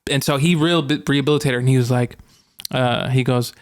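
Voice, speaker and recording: A man's voice: mid-range voice, quick pace, smooth. Laid-back young man telling a story. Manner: relaxed, rambling, many likes and ums, laughs often. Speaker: podcast co-host. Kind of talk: casual storytelling chat.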